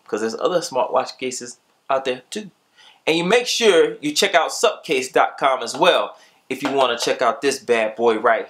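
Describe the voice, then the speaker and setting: A man casually reviewing a gadget for his vlog, talking to viewers in a laid-back, slangy way and signing off in a louder, upbeat tone. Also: medium pitch.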